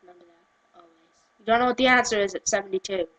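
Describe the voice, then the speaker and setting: A woman's voice: mid-range voice, quick pace, rough recording. A teenage girl with an English accent, rambling chattily in a vlog, giggling and drifting off topic. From England. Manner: chatty, giggly and off-topic, acting out quotes in lively voices. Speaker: vlogger. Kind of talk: rambling casual vlog rant.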